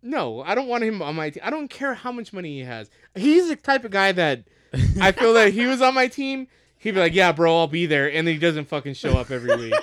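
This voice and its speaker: This young American man, a podcast co-host, delivers a heated, casually profane rant, cursing nonstop. He talks fairly quickly in a high, sing-song, slightly bright voice, captured in a dry recording.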